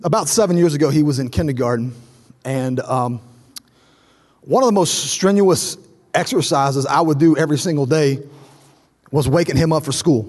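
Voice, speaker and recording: A man's voice: on the high side, normal speed, long pauses, darkish tone. A male pastor in his thirties preaching a sermon to a church, building to fervent repetition and acting out stories with voices. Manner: storytelling, acting out dialogue. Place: large church auditorium. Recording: long reverb of a large hall.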